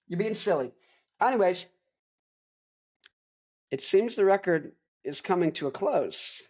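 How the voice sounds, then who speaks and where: A man's voice: high voice, lively intonation, measured pace, long pauses, darkish tone. A young man hosting a rock show, reviewing an album in a rambling, jokey, digressive way. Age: young adult. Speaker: host. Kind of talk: casual album review chat.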